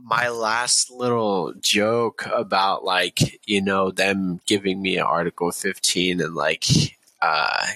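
Young man, podcast guest, casual storytelling, swears a lot, laughs a lot, lowish pitch, bright forceful voice. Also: steady tone, takes it slowly, hardly any pauses, no echo. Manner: profane, laughs through his own story.

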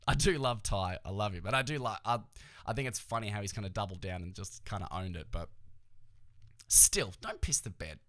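A man's voice: lowish voice, lively intonation, moderate pace, long pauses, fairly bright tone, no room sound, studio quality. A man hosting a podcast, chatting casually about sports in a joking, profane, rambling way. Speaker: podcast host.

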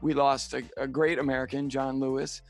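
A middle-aged man co-hosting a podcast, telling a personal story in a halting, heartfelt way with many fillers and restarts. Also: mid-range voice, flat delivery, soft background music. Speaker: podcast co-host. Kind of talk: casual storytelling chat.

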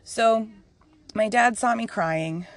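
A woman's voice: fairly high pitch, slow, no echo. A woman hosting a podcast in a casual, candid monologue, laughing often as she shares. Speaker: podcast host.

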